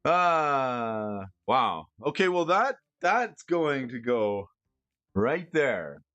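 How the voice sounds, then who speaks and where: Excitable man with a lively, bouncing voice. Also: medium pitch, slow, dry recording. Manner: excitable, stammering restarts, frequent laughter. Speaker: streamer discussing card prices. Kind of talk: casual live-stream chat.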